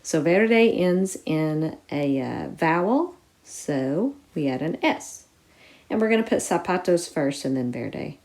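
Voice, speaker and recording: A woman's voice: low-pitched, animated, slow pace, darkish tone. Patient woman teaching step by step. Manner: clear step-by-step explaining, stresses key words. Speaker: Spanish teacher. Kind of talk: recorded classroom lesson.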